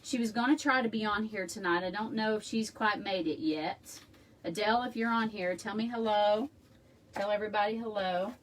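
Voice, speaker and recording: A woman's voice: medium pitch, moderate pace. Chatty woman from across the room. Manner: chatty, rambling, friendly asides to viewers. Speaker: craft tutorial host. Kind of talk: casual live craft tutorial. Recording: room mic from a distance, faint background noise.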